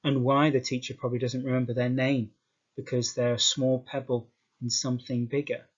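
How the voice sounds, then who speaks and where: A man with a British accent, teaching an English exam skills lesson in a slow, emphatic way, repeating words for stress. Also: medium pitch, level tone. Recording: dull lo-fi sound.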